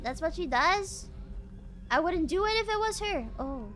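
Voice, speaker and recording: High, bright-voiced excitable woman streamer. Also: normal speed, slight background noise. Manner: excitable, jumpy, shrieks when startled. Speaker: VTuber streamer. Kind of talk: casual gameplay commentary. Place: at home.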